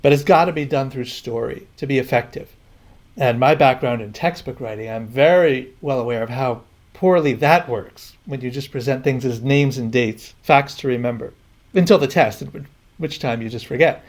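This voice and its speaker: A man's voice: mid-range voice, moderate pace. A man speaking earnestly as an author guest in a casual podcast interview.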